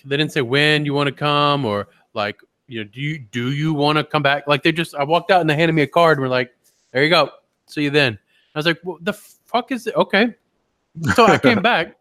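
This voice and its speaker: A man with a fairly high, pushed, bright voice co-hosts a podcast, recorded cleanly in a studio with no room sound. He tells rambling, profane stories in casual conversation.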